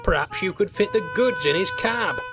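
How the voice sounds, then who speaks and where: A man's voice: high voice, huge pitch swings, moderate pace, voice pushed up. A man voicing a sly, cheeky grown-up male engine who teases politely and dryly, in a storybook reading. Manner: dry, polite teasing. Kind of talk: storybook character voice. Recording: loud music underneath.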